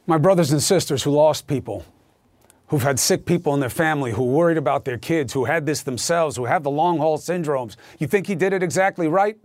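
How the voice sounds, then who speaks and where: A man's voice: a little high, brisk, no room sound. A male news anchor delivering an emphatic, sarcastic opinion monologue in a studio.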